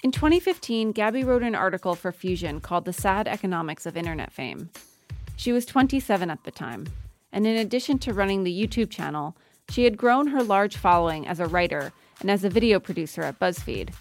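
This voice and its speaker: A woman narrating a documentary in a measured, polished scripted delivery, who also puts questions to the guest. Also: medium pitch, animated, faint music behind. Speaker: narrator and interviewer.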